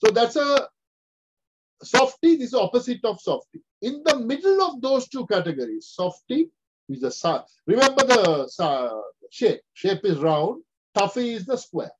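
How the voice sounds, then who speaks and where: An older Sri Lankan man with an extremely high-pitched, slightly rough voice gives a lively webinar lecture over a video call at a measured pace. He animatedly acts out characters using quoted voices as he explains. The highs in the audio are cut off.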